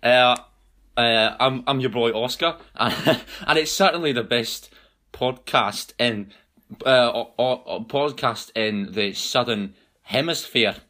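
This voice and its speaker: A man's voice: medium pitch, slow, sharp tone. A young man co-hosting a podcast in casual chat, giggly and often stumbling over his words. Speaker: podcast co-host.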